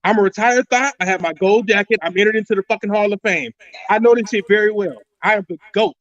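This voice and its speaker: A man's voice: high-pitched, fast, fairly bright tone. A man talking brashly and boastfully in a casual podcast discussion, swearing freely. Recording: dry, dull lo-fi mic.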